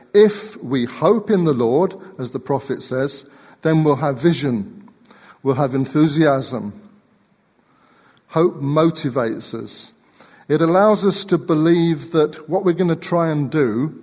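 Man preaching in an echoing hall. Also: mid-range voice. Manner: gentle, measured, repeats words. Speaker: pastor. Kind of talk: sermon. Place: church sanctuary.

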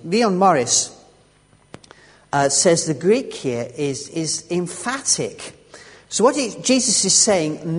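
A man's voice: fairly high pitch, sing-song, unhurried, slightly rough. Man preaching in a reverberant hall. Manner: conversational, with asides and restarts. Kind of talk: sermon. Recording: long reverb of a large hall.

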